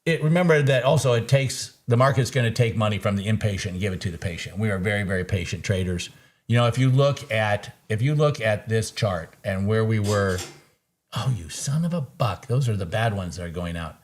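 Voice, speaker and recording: A man's voice: fairly low pitch, a little fast. A man hosting a live market recap, talking casually, laughing easily and throwing in folksy sayings. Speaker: trader and show host.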